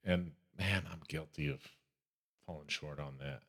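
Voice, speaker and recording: Deep-voiced Texan man, earnest. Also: fairly even intonation, a little slow, fairly bright tone, breathy edge. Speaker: podcast co-host. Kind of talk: casual faith chat.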